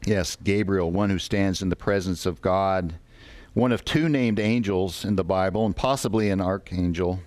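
A man preaching a sermon, reading scripture slowly and deliberately with pauses. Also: sits low, darkish tone, no echo.

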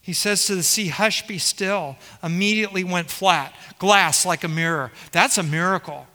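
A man preaching in a high, ringing voice, the sound trailing off in a long hall reverb. He walks the congregation through scripture, asking question after question. His tone is bright and forceful as he presses each point. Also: normal speed. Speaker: pastor. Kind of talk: sermon.

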